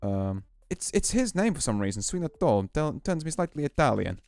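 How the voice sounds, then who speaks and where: A man's voice: mid-range voice, sing-song, fairly quick, creaky, darkish tone, soft background music. A man streaming a poker game, casually musing and explaining his hands as he plays. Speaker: VTuber streamer. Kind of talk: casual poker play commentary.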